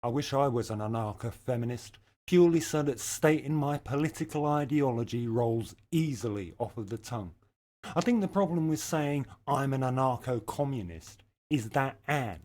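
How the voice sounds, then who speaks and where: A middle-aged man delivering a scripted satirical rant in a sardonic, profane, deadpan way. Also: mid-range voice, normal speed. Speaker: comedy ranter.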